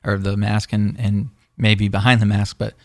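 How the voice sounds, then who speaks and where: In a clean studio recording with no echo, a man co-hosting a podcast chats casually at normal speed. His lowish voice is a little mellow with little pitch movement, and he rambles along with many fillers and restarts.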